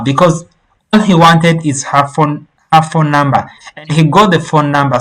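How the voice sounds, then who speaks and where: A teacher giving an online lesson in English, slowly explaining words and repeating them for learners to copy. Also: mid-range voice, fairly bright tone, poor audio. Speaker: Mandarin teacher.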